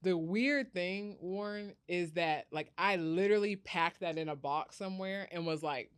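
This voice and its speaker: A woman's voice: on the low side, a little slow, hardly any pauses, clean tone, dry recording. A woman guest telling a personal story in an interview, acting out the people she quotes. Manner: animated storyteller, acts out quoted voices. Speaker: podcast guest, founder.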